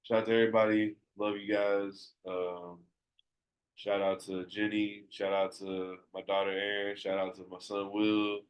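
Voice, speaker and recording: A male podcast guest with a lowish voice that stays flat and even. He speaks bluntly and in a laid-back way, with plenty of ums, in casual chat. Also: normal speed, highs cut off.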